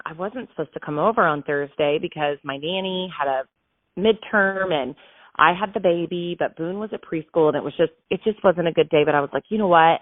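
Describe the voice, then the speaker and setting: A woman in her thirties, host of her show, telling a personal story in a casual, emotional and animated way. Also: lowish voice, no room sound. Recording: dry tinny phone-like sound.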